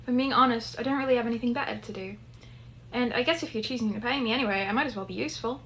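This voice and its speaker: A woman's voice: on the high side, rapid-fire, fairly bright tone, a little hiss or hum. A woman voicing a blunt, sarcastic young woman who is independent and stubborn. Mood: frank. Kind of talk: dramatic story reading.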